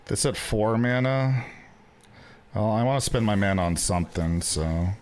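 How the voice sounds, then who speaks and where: A man's voice: fairly low pitch, expressive, moderate pace, darkish tone, a little hiss or hum. Chatty man streaming a card game. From Canada. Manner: chatty, joking, stumbles and repeats words. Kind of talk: casual gameplay commentary.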